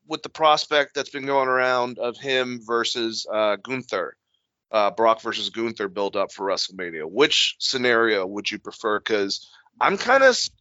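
Bright-voiced man recapping wrestling casually. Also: medium pitch, dry recording, lo-fi sound. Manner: swears freely, talks in long run-on recaps. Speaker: podcast co-host.

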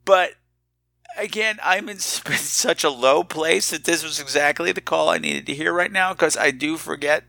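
A man hosting a podcast, telling a rambling, self-mocking story in a casual, animated way. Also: a little high, normal speed, gravelly, no echo. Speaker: podcast host.

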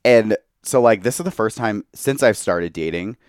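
A man's voice: fairly low pitch, normal speed, clean tone, no room sound, studio quality. A young man talking candidly as a podcast guest, a bit tipsy from tequila, filling his speech with "like.". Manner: candid, heavy use of "like". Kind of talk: casual chat.

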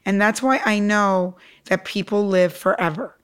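A woman's voice: mid-range voice, a little slow, clear, resonant tone. A middle-aged woman from Cuba, an entrepreneur guest, telling her story with emphatic energy in a podcast interview. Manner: animated, emphatic, acts out quotes.

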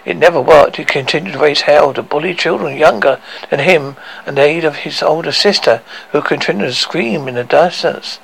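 A man narrating a horror story in a measured, dramatic way. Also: fairly high pitch, creaky, a little hiss or hum, low-quality recording.

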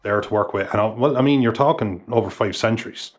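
An Irish man co-hosting a casual podcast chat, talking quickly and often stumbling and restarting his sentences. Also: lowish voice. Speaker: podcast co-host.

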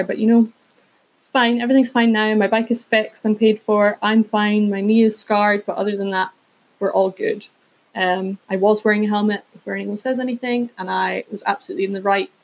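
A woman's voice: mid-range voice, darkish tone, poor audio. A woman hosting a casual solo podcast, rambling through tangents and correcting herself as she goes. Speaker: podcast host.

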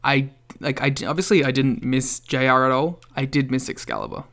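Pria pembawa podcast dengan celetukan jenaka. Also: male voice, mid-range voice, brisk, gravelly, fairly bright tone. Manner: wry, joking asides. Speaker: podcast co-host. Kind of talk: casual wrestling podcast chat.

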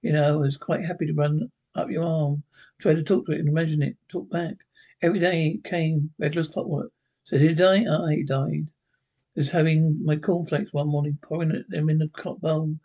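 A man's voice: a little high, fairly even intonation, normal speed, creaky, mellow, rough recording. An actor with a Scottish accent playing a lonely older male hermit in a sitcom, telling his story in a plain-spoken, wistful way. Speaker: sitcom character. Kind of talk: sitcom acting.

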